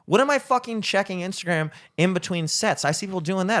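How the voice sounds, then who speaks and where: A young man rambles through a casual podcast chat, peppering his talk with swears. His voice leaps up and down in pitch as he gets worked up, then drops back to a mutter. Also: fast, hardly any pauses. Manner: rambling, swears freely, animated swings in pitch. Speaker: podcast co-host.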